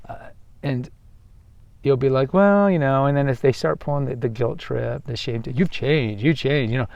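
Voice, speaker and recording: A man's voice: mid-range voice, normal speed, gravelly, darkish tone, no room sound, highs cut off. A man with a Texan accent hosting a podcast, talking emphatically outdoors on a walk and often restarting his phrases. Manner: emphatic, self-correcting, acts out quoted voices. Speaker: podcast host. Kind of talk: outdoor monologue. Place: outdoors on a waterfront path.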